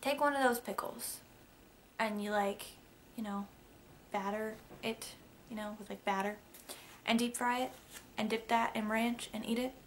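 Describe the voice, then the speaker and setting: A woman's voice: a little high, steady tone, measured pace, long pauses, a little hiss or hum. A young woman chatting casually through a list of facts about herself, rambling with lots of fillers and asides. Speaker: vlogger.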